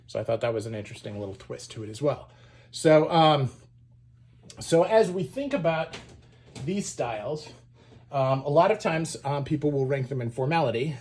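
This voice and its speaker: Husky man explaining shoes casually. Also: mid-range voice. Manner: relaxed, many fillers, pointing things out. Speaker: shoe channel host. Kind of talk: casual show-and-tell explainer.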